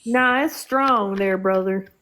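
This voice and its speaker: A woman's voice: medium pitch, slow, noisy background. A woman co-hosting a live stream in casual chat, teasing and laughing often. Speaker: livestream co-host.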